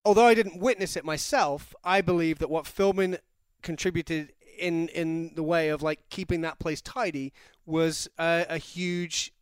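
Man, sports panelist, smooth clear voice, a bit high, dry close sound. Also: steady tone, measured pace, no echo. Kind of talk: casual sports chat.

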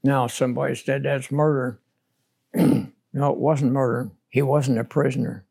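A man's voice: mid-range voice, fairly even intonation, normal speed, creaky, mellow, breathy edge. An older man, a war veteran, recounting his combat memories in a blunt, plainspoken way during an oral history interview.

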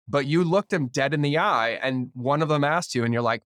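Energetic swearing male podcast host. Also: mid-range voice, a little fast, hardly any pauses, no echo, clean studio sound. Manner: energetic, swears freely, acts out quoted dialogue. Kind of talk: casual interview chat.

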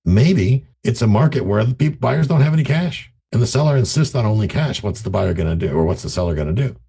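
A man teaching real estate investing in a casual, animated way, acting out conversations in raised voices. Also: on the low side, fast talker, vocal fry, breathy edge. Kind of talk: casual teaching talk to camera.

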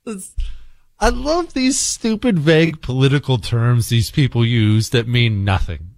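A man's voice: animated, measured pace, dry recording, clean studio sound. Blunt, sarcastic male talk radio host. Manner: blunt, sarcastic, swings between low mutters and loud outbursts. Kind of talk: opinionated talk radio monologue.

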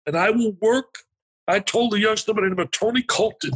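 A man, a motivational speaker, telling an emotional story as an interview guest, animated and emphatic, acting out the dialogue as he goes. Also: sits high, a little fast, breathy edge, poor audio.

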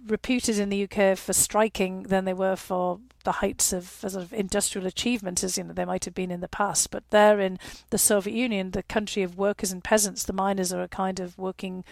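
A woman in her fifties with a Northeast English accent speaks in a gravelly voice, recorded dry and close. She answers an interviewer thoughtfully, filling her pauses with "you know" and laughing wryly now and then. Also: mid-range voice, flat delivery, no room sound. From northeast England. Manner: reflective, frequent "you know" fillers, wry laughs. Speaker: guest.

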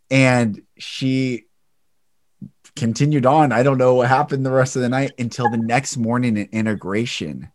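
A man's voice: medium pitch, dry recording, studio quality. A man hosting a conversational interview, earnest and telling a story. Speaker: podcast host.

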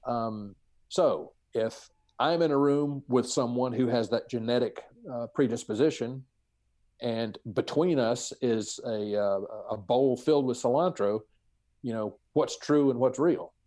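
Mellow-voiced man speaking slowly and carefully. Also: mid-range voice. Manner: measured, hesitant, many fillers, word-searching. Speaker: podcast guest, spiritual teacher. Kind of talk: casual conversation.

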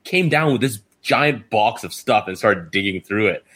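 A man's voice: fairly low pitch, lively intonation, moderate pace, a bit bright, slightly rough. A man chatting casually, telling a short anecdote and laughing along. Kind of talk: casual chat.

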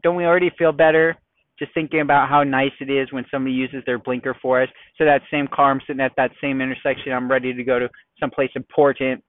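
A young man from the United States hosting a casual solo podcast from his car, talking in an animated, ranting, self-mocking way. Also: mid-range voice, fast talker, no echo, narrow, tinny audio. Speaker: podcast host.

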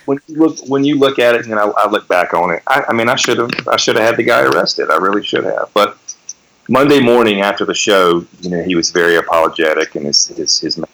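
Middle-aged male guest with a lowish voice, spins lively anecdotes and curses. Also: a little fast, poor audio. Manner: animated storyteller, swears freely, acts out quotes. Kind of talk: casual storytelling interview.

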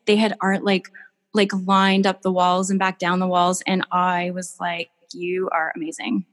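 A woman artist telling warm, gushing stories in a casual podcast chat, with many restarts. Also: fairly low pitch, completely flat delivery, measured pace. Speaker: painter, podcast guest. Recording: long hall reverb.

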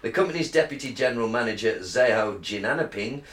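A man's voice: medium pitch, animated, a little fast, a bit bright. A man co-hosting a podcast, reading news aloud in a crude, joking way and slurring a little after a beer. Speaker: podcast co-host. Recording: roomy echo.

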